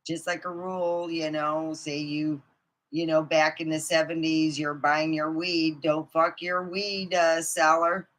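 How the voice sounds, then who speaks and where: A woman ranting profanely to her camera, swinging from low muttering to outbursts of shouting. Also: flat delivery, a little slow. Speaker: vlogger. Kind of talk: angry ranting monologue.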